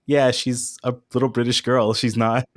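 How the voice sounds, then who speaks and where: A man co-hosting a casual podcast, relaxed and chuckling as he runs through event details. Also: mid-range voice, moderate pace, dry recording, studio quality. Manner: laid-back, chuckling, reads event details. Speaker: podcast co-host. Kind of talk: casual chat.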